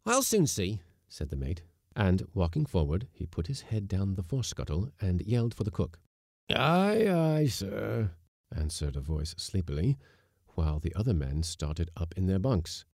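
A man narrating an audiobook story with measured, expressive delivery on a close mic. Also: sits low, no echo.

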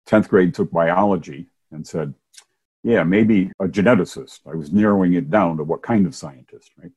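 An older man, a Methodist minister and former science teacher, telling his story in a relaxed interview with chuckles along the way. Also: low voice, moderate pace, slightly rough. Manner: warm anecdotal storytelling with chuckles. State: hard of hearing, wears hearing aids.

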